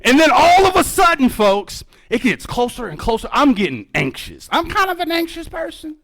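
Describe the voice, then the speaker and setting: Excitable high-voiced man telling a story. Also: moderate pace, creaky, no echo. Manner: excitable, addresses audience as folks, acts out his own reactions. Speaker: keynote speaker and birder. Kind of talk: animated storytelling talk. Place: museum event hall.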